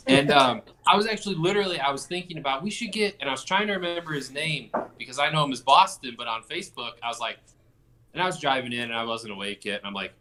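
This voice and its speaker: A man's voice: medium pitch, animated, fast, bright, forceful tone. A man co-hosting a casual podcast, rambling through stories, swearing freely and joking around. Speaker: podcast co-host. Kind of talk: casual chat.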